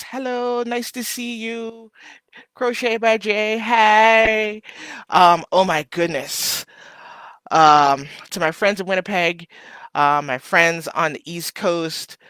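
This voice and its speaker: A small business owner hosts a casual live stream in a rambling, heartfelt way, full of ums and thank-yous. The voice is bright and now and then jumps into a high playful squeal. The sound is dry and close. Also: clean tone, dry recording. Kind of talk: casual livestream chat to viewers.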